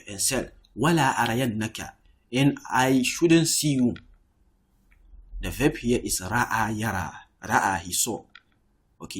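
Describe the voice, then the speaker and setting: Um professor de árabe numa aula online, que explica com paciência, repete as palavras e diz "okay" com frequência. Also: male voice, on the low side, slightly rough. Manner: explains patiently, repeats words, says "okay" often. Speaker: Arabic teacher. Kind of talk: online language lesson.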